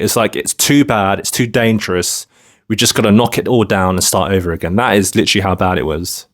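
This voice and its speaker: A man from London talking casually to camera in a rambling vlog monologue, full of filler phrases. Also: lowish voice. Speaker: vlogger.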